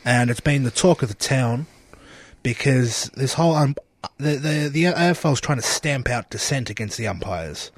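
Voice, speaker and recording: A man's voice: mid-range voice, animated, moderate pace, dry recording. A man co-hosting a casual sports chat, who repeats questions back and reasons through them. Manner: thoughtful, restates questions aloud. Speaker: co-host.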